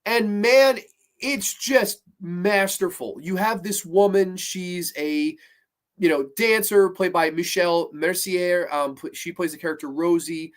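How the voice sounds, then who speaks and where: A man's voice: high-pitched, unhurried. Enthusiastic male horror movie reviewer. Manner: enthusiastic, rambling, with swearing. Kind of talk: casual film review.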